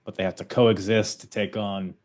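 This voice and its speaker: A man's voice: fairly low pitch, level tone, normal speed, a little mellow. A man hosting a podcast, recapping events in a loose, casual chat and laughing often. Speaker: podcast host.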